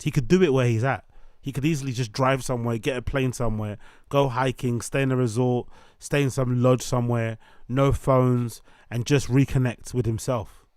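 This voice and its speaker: A man delivers an opinionated commentary rant. He stacks points into quick lists at a mid-range pitch. The sound is close and dry, with no room echo. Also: darkish tone. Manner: opinionated, rapid listing, sarcastic. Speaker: commentary channel host. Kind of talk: ranting commentary on a podcast clip.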